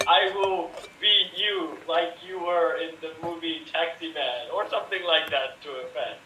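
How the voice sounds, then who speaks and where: A man's voice: on the high side, measured pace, pushed and bright. A man voicing a sad, awkward male comedian who mumbles, pities himself and giggles at odd moments. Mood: mopey. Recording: echoey distant mic with faint noise.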